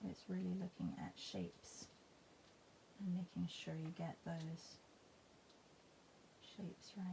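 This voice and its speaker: A woman's voice: lowish voice, big pitch swings, slow, gravelly, dark tone, slight background noise. A woman teaching a live painting class, chatting and thinking aloud as she paints. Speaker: art teacher. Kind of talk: live painting demo, casual commentary.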